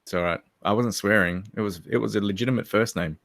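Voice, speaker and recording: A man's voice: lowish voice, fast talker, vocal fry, fairly bright tone, no room sound, clean studio sound. A man with an Australian accent co-hosting a casual livestream chat, joking, laughing and crude. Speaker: livestream co-host.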